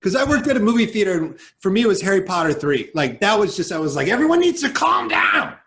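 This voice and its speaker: Male podcast host in his thirties, high voice, quick reactive interjections. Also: big pitch swings. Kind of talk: casual podcast chat.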